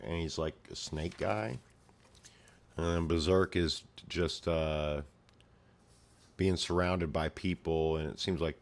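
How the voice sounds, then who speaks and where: A man giving casual, rambling commentary while reading a comic aloud, making his own sound effects. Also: low voice. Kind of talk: casual read-along commentary.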